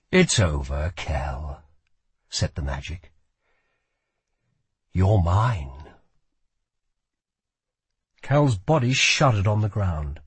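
A man narrating a fantasy audiobook in a measured, dramatic reading. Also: fairly low pitch, husky, no echo.

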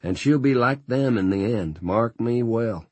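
A man's voice: medium pitch, a little slow, husky, no echo, pitched above the performer's own voice. A man reading a weary, fatalistic frontier rider who talks in a rural drawl. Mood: grim. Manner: rural drawl, folksy grammar.

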